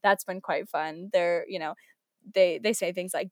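A woman's voice: fairly low pitch, a little slow, dry recording, studio quality. A young American woman, a teacher, talking casually in a conversation with many fillers and restarts. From United States.

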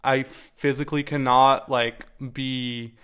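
A man's voice: medium pitch, level tone, slow, a bit bright, smooth. A young adult man telling personal stories to camera in a casual, candid way, swearing freely and adding wry asides. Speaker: vlogger.

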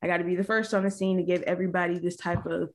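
A woman hosting a casual interview over a video call, bubbly and chatty, repeating how excited and nervous she is. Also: fairly low pitch, very fast. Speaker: podcast host. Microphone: computer mic on a video call.

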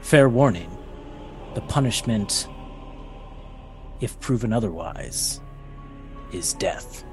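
A man's voice: lowish voice, lively intonation, faint music behind. A man voicing a suspicious, officious male guard ant who questions brusquely. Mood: stern. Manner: brisk, interrogating, clipped.

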